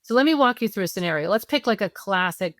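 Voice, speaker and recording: A woman speaking as a parenting expert guest on a podcast interview. She explains at a middling pitch, walking through everyday scenarios and checking in with her listeners as she goes. Her voice is dry and close to the mic. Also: animated, fast, fairly bright tone, no room sound. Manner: explains through acted scenarios, often asks "right?".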